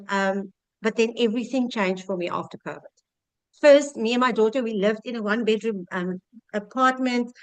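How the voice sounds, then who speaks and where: A woman in her fifties with a South African accent gives a heartfelt, rambling personal testimony over a video call. Her voice sits fairly high for a woman. The sound is dry, with no room echo. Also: a bit bright, clean tone. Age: 50s. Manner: earnest, heartfelt, rambling with restarts. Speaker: guest sharing her success story.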